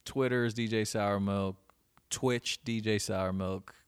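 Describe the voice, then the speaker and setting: A man's voice: lowish voice, fairly even intonation, measured pace, clear, resonant tone. A man in his thirties, a guest DJ chatting casually on a podcast, laid-back and swearing, with lots of restarts.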